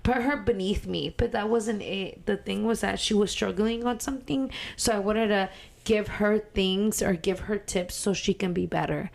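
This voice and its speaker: A woman in her thirties talking bluntly on a casual podcast and cursing freely. Her voice has a gravelly, creaky edge at a mid pitch. She sounds heated and frank. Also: moderate pace, darkish tone. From Mexican-American. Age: 30s. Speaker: podcast co-host. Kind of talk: casual chat.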